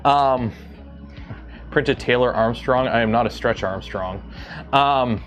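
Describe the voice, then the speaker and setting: A man's voice: mid-range voice, takes it slowly, faint music behind. A man streaming live from his workshop, chatting casually and thinking aloud as he builds a 3D printer. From Canada.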